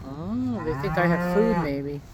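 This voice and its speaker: An American woman farmer in a casual vlog coos and talks sweetly to her cows outdoors in a muddy pasture. Her voice is lowish, with lively intonation and an unhurried pace, and crowd noise can be heard.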